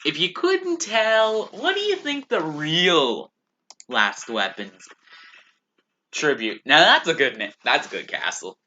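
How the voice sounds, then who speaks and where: A man's voice: a little high, big pitch swings, slow, sharp tone, dull audio. A man giving casual, joking commentary while playing a video game. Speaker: gaming YouTuber. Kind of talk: let's play commentary.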